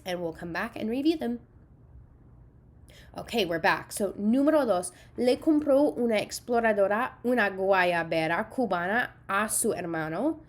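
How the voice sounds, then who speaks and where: A woman's voice: medium pitch, a little mellow. Spanish teacher woman explaining grammar step by step. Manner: explains step by step, switches between English and Spanish. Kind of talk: recorded online class lecture.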